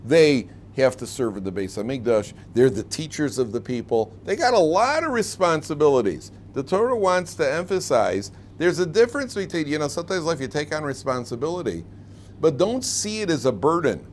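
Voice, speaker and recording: A man's voice: a little high, big pitch swings, a little fast, a little hiss or hum. A man teaching a casual Torah class, chatty and joking, acting out quoted lines. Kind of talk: informal classroom lecture.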